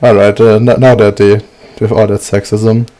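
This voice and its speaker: Guy hosting a game stream, kinda low voice, lots of "like" and "you know". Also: flat delivery, moderate pace, mellow. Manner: hesitant, heavy on fillers. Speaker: game master and stream host. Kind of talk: casual out-of-game chat.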